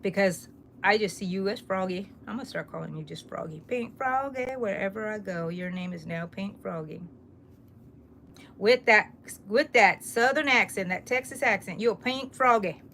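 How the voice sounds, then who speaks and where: A woman's voice: mid-range voice, normal speed, creaky, a bit bright, a little hiss or hum. A middle-aged woman hosting a casual crochet live stream, chatting, reading viewer comments aloud and laughing often. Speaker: crochet livestream host.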